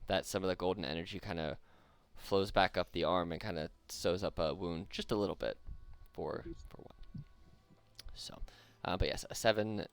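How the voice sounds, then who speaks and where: A man's voice: sits low, moderate pace, vocal fry, clear, resonant tone. A man as dungeon master, narrating the action and ruling on rolls in an easygoing way, laughing often. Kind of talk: running a tabletop game online.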